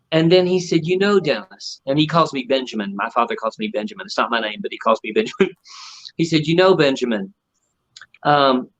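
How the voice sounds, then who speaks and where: A man's voice: medium pitch, fairly quick. A man, a ventriloquist, telling stories in a casual interview and acting out the people he quotes. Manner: animated storyteller acting out quotes. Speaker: ventriloquist guest. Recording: dull lo-fi audio.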